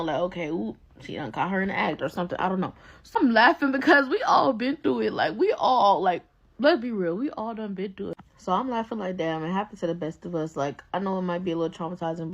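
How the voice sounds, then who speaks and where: A young woman telling a casual story-time in an animated, exasperated way. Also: medium pitch, lo-fi sound.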